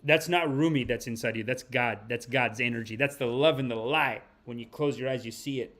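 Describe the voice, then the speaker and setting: A brash young man hosting a comedic podcast, swearing freely and swinging between loud bursts and low mutters. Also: fairly quick, few pauses. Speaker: podcast host. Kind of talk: comedic podcast monologue and card reading.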